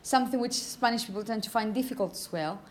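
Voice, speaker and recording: A woman teaching phonetics to a class, saying example words slowly and often asking "okay?". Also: a little high, a little hiss or hum. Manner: repeats words slowly to model pronunciation; asks "okay?" often to check understanding. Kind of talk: classroom lecture.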